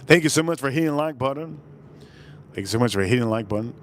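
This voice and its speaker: A man runs a casual whiskey tasting on a live stream, rambling, repeating himself, and calling out people in his chat. He talks quickly with lively intonation, and his voice has dropped a little deeper than normal, as if he's coming down with something. There's a faint hiss or hum.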